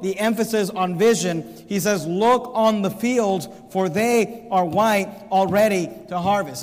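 High-voiced preacher in a reverberant hall. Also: male voice. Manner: earnest, emphatic, repeats key phrases. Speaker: pastor. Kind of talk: sermon.

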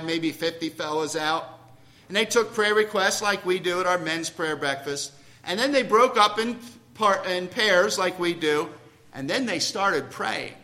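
A man's voice sits high, bright and forceful as he delivers a sermon to his congregation in church. He speaks conversationally, asks questions and pokes fun at himself.

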